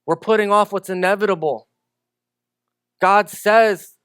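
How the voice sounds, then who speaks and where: A man preaching with an animated delivery in a fairly high voice. He acts out quoted dialogue and moves between loud emphasis and quieter reflection. The sound is dry and close, with little room in it. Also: a little slow, no room sound. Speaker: pastor. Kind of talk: sermon.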